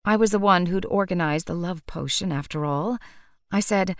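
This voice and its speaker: A woman narrating an audiobook in a wry, measured manner. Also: lowish voice, no room sound, studio quality.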